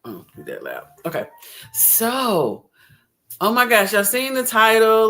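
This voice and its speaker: Gravelly-voiced giggly livestream host woman. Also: fairly high pitch, huge pitch swings, a little slow, fairly bright tone. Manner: giggly, rambling and chatty. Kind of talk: casual livestream chat.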